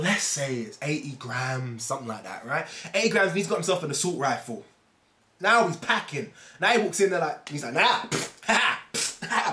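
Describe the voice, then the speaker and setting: A man's voice: fairly high pitch, fairly bright tone. A man talking casually to camera as a fitness vlogger, rambling and fond of analogies. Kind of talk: casual explainer monologue. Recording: echoey room.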